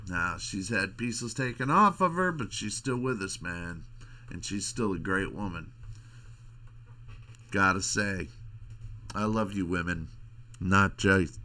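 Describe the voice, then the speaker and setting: Gravelly-voiced man rambling on his show. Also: lowish voice, fairly bright tone. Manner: rambling, crude, halting with restarts. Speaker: podcast host. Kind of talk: casual monologue.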